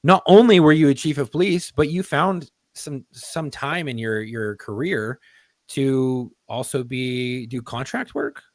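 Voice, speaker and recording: Podcast cohost guy, blunt and cussing, medium pitch, dry sound. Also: measured pace, no room sound. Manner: blunt, swears freely. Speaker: podcast co-host. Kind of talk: casual podcast chat.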